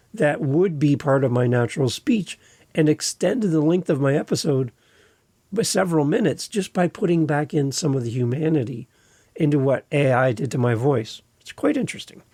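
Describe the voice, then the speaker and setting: A man with a Canadian accent, hosting his own podcast in a conversational, expressive way with deliberate pauses. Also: on the high side, dry recording. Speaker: podcast host and editor. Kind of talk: solo podcast talk.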